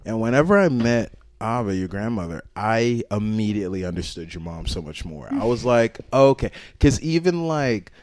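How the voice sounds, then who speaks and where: A young man co-hosting a casual drinking podcast, animated, swearing freely and talking over the others. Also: lowish voice, normal speed, hardly any pauses, dry recording. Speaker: podcast co-host.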